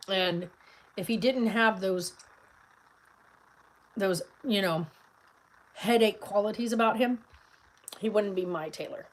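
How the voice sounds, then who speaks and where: A woman's voice: mid-range voice, unhurried, long pauses, rough recording. A middle-aged woman vlogging in a casual, rambling chat, tired and full of fillers, talking from a car.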